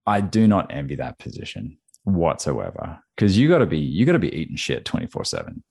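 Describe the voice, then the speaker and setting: A man's voice: rumbling low, wildly swooping pitch, a little fast, gravelly, a little mellow, husky. A young man, chatting in a laid-back, slangy way and swearing. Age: young adult. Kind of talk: casual chat.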